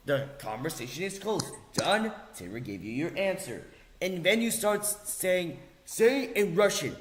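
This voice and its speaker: A man's voice: on the high side, big pitch swings, moderate pace. A man giving an angry, sarcastic vlog rant, swearing and repeating phrases for emphasis. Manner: heated, sarcastic, profane. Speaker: vlogger. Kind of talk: angry ranting monologue.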